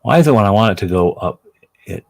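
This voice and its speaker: A man's voice: fairly low pitch, lively intonation, quick pace, vocal fry, a little mellow. A man chatting casually on a live stream while he paints miniatures, rambling, self-deprecating and talking to his dog.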